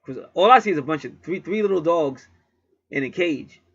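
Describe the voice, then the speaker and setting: A man's voice: fairly high pitch, animated, fairly quick, a bit bright, slightly rough, no room sound, highs cut off. A man at home telling a rambling story in a casual monologue, swearing freely and repeating himself. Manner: profane, rambling, repetitive. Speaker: channel host.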